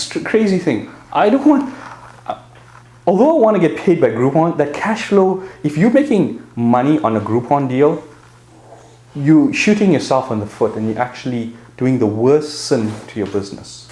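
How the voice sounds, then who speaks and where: A man's voice: a little high, mellow. A man with a South African accent coaching a group on fitness business marketing, talking directly and punchily and checking in with his listeners. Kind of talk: marketing seminar talk. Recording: roomy echo.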